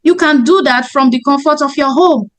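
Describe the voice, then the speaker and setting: A woman's voice: sits high, normal speed, low-quality recording. A woman teaching sales in a webinar, emphatic and repeating her key points. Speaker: sales trainer. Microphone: webinar microphone.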